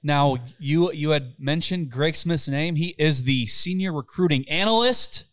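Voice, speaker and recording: A man's voice: on the high side, a little slow. Playful male podcast host. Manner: playful, laughs often. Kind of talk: casual podcast chat. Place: brewery taproom. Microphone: headset.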